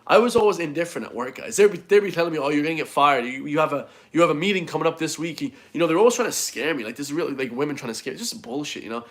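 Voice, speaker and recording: A man's voice: a little high, animated, racing, hardly any pauses. A man ranting bluntly to camera as a fitness vlogger, swearing a lot and saying "guys" all the time. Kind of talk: casual rant to camera.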